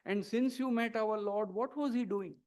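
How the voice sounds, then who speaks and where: A man's voice: high voice, moderate pace, a little mellow, lightly acted. A man with an Indian English accent voicing a humble, faithful cobbler in a told story. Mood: grateful. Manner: humble and grateful.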